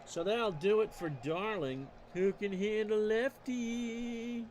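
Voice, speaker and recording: A man calling baseball play-by-play for a streamed replay, measured and stat-heavy with dry asides. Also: high-pitched, darkish tone, slight background noise. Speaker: play-by-play announcer.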